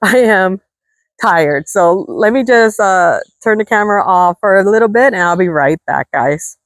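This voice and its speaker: This is a casual gardening vlog shot in an outdoor desert garden. The woman's voice is mid-range and moderately paced, recorded dry, and she chats eagerly with her viewers though the heat has her out of breath.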